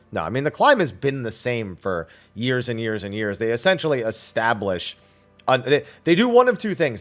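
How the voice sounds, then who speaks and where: Blunt streamer man, slightly raspy voice. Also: mid-range voice, fairly bright tone. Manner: reads chat questions aloud, then answers bluntly and at length. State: slightly raspy after eating. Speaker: streamer answering viewer questions. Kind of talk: casual livestream Q&A.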